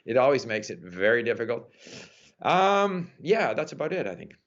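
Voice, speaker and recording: A man's voice: medium pitch, very animated, moderate pace. Man answering interview questions, lo-fi. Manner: thoughtful, frequent "uh" and "you know". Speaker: interview guest, language learner. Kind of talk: relaxed conversational interview answers. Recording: dull lo-fi audio.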